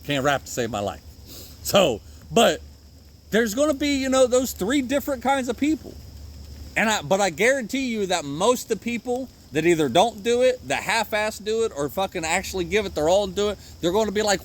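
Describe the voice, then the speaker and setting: Out in the rainy woods, a podcast host with a fairly high, expressive voice delivers a rambling motivational monologue at a moderate pace. He swears often and cracks jokes at his own expense.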